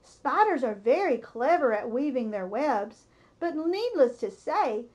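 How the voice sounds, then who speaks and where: A woman reading a children's novel aloud, narrating expressively. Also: sits high. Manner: slow, expressive storytelling. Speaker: storybook reader.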